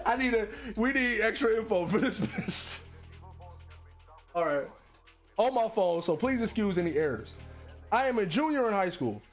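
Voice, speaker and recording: A man's voice: sits high, sing-song, a little slow, long pauses, soft background music. A man streaming his reactions to online posts, reading them aloud with profane, incredulous commentary and frequent laughter.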